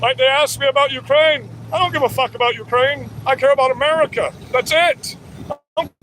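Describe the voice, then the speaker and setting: A man's voice: very high-pitched, fairly quick, pushed and bright, poor audio. A man livestreaming outdoors, ranting in a profane, combative and rambling way. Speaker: livestreamer at a rally counter-protest. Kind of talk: casual livestream rant. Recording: outdoor street noise with traffic.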